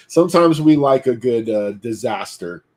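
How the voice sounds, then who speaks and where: A man's voice: medium pitch, animated, takes it slowly, darkish tone. A man hosting a late-night online show, chatting casually and laughing between jokes. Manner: laughing, joking, mock impressions. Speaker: host. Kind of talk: casual chat.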